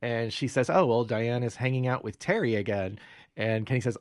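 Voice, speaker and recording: A man co-hosting a podcast, retelling scenes in a lively way, acting out lines and laughing often. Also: mid-range voice, moderate pace, dry recording, studio quality. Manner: animated retelling, acts out quotes, laughs often. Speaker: podcast co-host. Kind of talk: casual recap chat.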